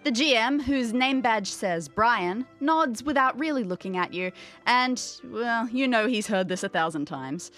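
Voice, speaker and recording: A woman narrating a tabletop game as game master in the second person, lively and wry. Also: a little high, measured pace, faint music behind.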